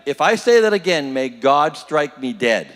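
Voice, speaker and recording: A man's voice: fairly high pitch, very animated, moderate pace, fairly bright tone, voice pushed up. Man playing a pleading apologetic minister, raised voice, long hall echo. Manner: pleading, contrite. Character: apologetic hot-tempered male minister golfer.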